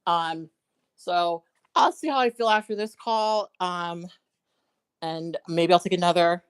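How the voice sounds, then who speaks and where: A woman's voice: lowish voice, unhurried, clear, resonant tone, no echo. Woman hosting a call-in show. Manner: friendly and reassuring toward callers. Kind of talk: casual live call-in chat.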